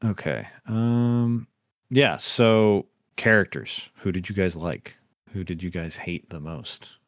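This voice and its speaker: A man with a very low voice hosts a podcast in loose, casual chat. He rambles through fillers and restarts and laughs as he retells scenes. The recording is close and dry. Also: takes it slowly, no room sound. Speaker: podcast host.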